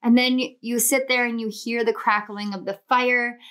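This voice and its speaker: A woman's voice: fairly high pitch, little pitch movement, normal speed, fairly bright tone. A woman reading tarot cards and guiding a visualization in a soothing, flowing way, often repeating herself. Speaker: tarot reader.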